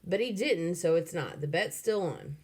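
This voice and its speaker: A woman reading aloud and voicing an argumentative boy who talks fast and wheedles. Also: fairly low pitch, animated, darkish tone, breathy edge. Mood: arguing.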